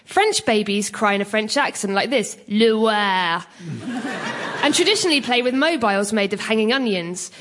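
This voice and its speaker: A woman on a comedy panel show, reading a comic lecture in a deadpan, jokey way. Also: fairly high pitch, fairly quick, hardly any pauses, noisy background.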